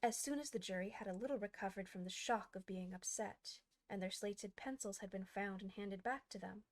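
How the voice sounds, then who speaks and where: A woman hosting a show where she reads a classic storybook aloud with a steady, clear delivery. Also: medium pitch. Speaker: audiobook narrator, host. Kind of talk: storybook reading.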